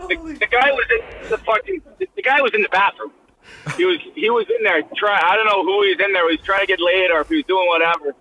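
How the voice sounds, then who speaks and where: A man's voice: high voice, expressive, quick pace, bright, forceful tone, a little hiss or hum, rough recording. A man who is a guest on a podcast, bluntly retelling a fight story in casual chat with a lot of swearing. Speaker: guest, former hockey player.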